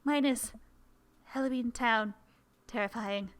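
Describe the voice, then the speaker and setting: A woman's voice: a little high, takes it slowly. A woman voicing a nervous, theatrical gothic man who speaks with stiff, overly formal bravado in a dating game. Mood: flustered.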